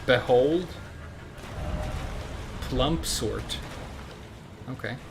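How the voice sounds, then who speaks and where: A man's voice: medium pitch, extremely slow, creaky. Rambling man streaming a game, noisy audio. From Sweden. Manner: rambling, chatty. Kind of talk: casual gameplay commentary.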